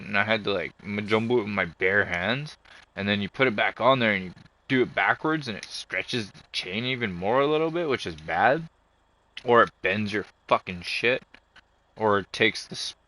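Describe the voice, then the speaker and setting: A man's voice: on the low side, pushed and bright. A man vlogging, telling a long rambling story full of swearing and rants. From Canada. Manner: profane, ranting storyteller. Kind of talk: casual rambling monologue.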